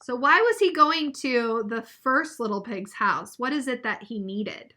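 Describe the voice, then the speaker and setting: A woman's voice: on the high side, lively intonation, unhurried, pushed and bright. A woman teacher reading a storybook aloud to young children and asking them questions about it. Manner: asks the listeners questions.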